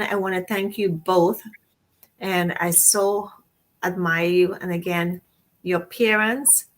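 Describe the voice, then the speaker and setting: A woman co-hosting a casual talk show, speaking effusively and rambling, with frequent restarts and rephrasings. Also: on the low side. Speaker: co-host.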